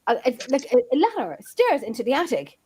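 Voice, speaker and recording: A woman's voice: sits high, wildly swooping pitch, a little fast, background noise. A woman quiz player, chatty, telling a story casually and laughing as she talks. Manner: chatty, laughs while talking.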